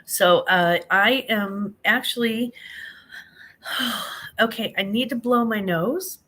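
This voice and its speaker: A woman's voice: mid-range voice, slow, fairly bright tone. A half-awake woman hosting a casual late-night live stream on her phone, chatting and reading viewer comments aloud, calling people honey.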